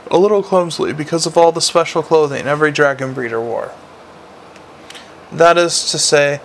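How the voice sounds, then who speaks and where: A man narrates a fantasy story as an audiobook, frequently stumbling and restarting words. His voice sits on the high side, gravelly with a fairly bright tone, and there is slight background noise.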